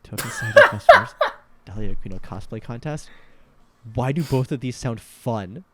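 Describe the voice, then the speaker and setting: A man's voice: medium pitch, wildly swooping pitch, normal speed, background noise. Laughing man playing a game. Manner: laughing often, playful. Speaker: game streamer. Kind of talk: casual let's-play commentary and reading game text aloud.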